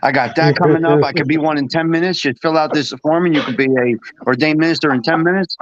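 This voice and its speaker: A man's voice: a little high, steady tone, fast, no echo. Guy cohosting a podcast, laughs a lot, swears, dry lo-fi sound. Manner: loud, laughing, swearing freely. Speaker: podcast co-host. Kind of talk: casual chat.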